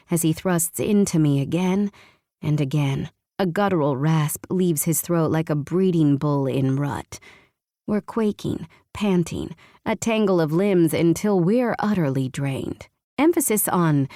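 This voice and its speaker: A woman narrating a first-person romance audiobook with a hushed, intimate delivery. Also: low voice, no room sound, studio quality.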